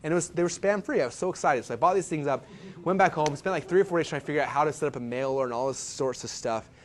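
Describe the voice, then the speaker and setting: A man presenting a live marketing seminar, telling stories and tossing questions and asides to the audience. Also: on the high side. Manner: fast, animated storytelling with asides to the audience.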